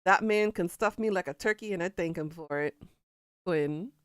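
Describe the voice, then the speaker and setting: A woman streaming a game, chatting casually and joking bawdily with her chat. Her voice sits low and sounds smooth and clean. The sound is dry, with no room echo. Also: normal speed. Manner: playful, bawdy, reading out chat quotes with laughter.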